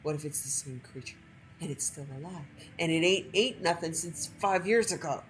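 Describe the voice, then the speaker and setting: A woman's voice: low voice, moderate pace, slight background noise, lightly acted, rough recording. A woman voicing a jittery, easily frightened man who keeps asking panicky questions while reading a story aloud from a game.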